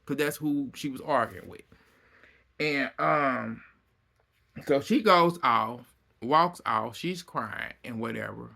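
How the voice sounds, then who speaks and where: Man, casual TV recap, animated storyteller, acts out quotes, laughs a lot, mid-pitched voice. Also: takes it slowly, creaky. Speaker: reality TV recap host.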